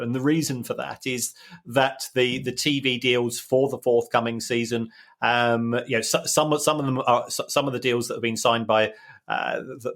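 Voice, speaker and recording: A man in casual podcast chat, explaining football finances at a measured pace. His voice sits in an ordinary middle register, and he often repeats words as he gathers his thoughts. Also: medium pitch, gravelly, fairly bright tone. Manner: measured, explanatory, with frequent restarts. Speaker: football finance expert co-host.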